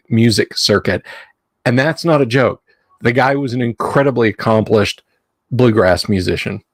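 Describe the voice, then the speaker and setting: Reading through a game's rules on his live stream, this host keeps wandering off to trade dry jokes with his chat. He has a medium-pitched voice, and the recording is dry.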